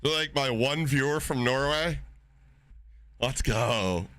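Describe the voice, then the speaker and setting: Guy streamer rambling to chat, cusses a lot, bright kinda forceful voice. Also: medium pitch, takes it slowly, no room sound. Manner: loose, profane and excitable, reacting to chat. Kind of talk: casual live-stream chat.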